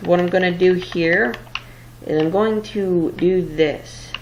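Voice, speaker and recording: A woman's voice: lowish voice, slow pace, a little hiss or hum, low-quality recording. A woman giving casual let's-play commentary while building, rambling and a little flustered, tired late at night. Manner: rambling, flustered, self-deprecating. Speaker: gameplay commentator.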